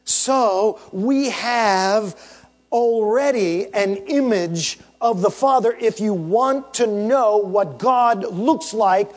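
High-voiced, unhurried preaching man. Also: darkish tone. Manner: emphatic, asks the congregation rhetorical questions and tags "right?". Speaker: pastor. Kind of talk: sermon.

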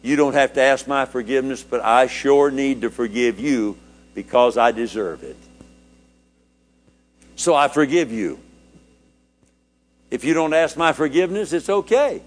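An older man, a preacher, telling a personal story in a sermon, his voice climbing high with feeling and dropping low and quiet. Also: unhurried, long pauses, faint music behind.

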